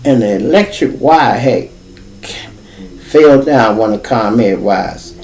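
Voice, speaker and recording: A man with a lowish, creaky voice speaks slowly, recorded from a distance on a rough track. He's a podcast host with a Chicago accent, telling a story through a loose, profane, animated monologue and voicing the people he quotes.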